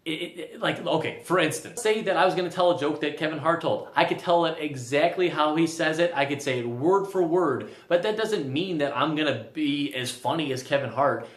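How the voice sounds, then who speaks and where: A man's voice: a little high, moderate pace, hardly any pauses, roomy sound. A young man giving a casual spoken movie review, rambling and often stammering over restarts.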